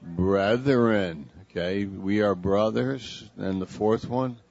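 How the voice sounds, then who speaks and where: A low-voiced pastor speaks very slowly, drawing his congregation in with playful prompts and repetition. The sound is dull and lo-fi, like an old church tape. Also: creaky, a little mellow, soft background music. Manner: slow, playful, coaxing the congregation to repeat words. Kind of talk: sermon with congregation interaction.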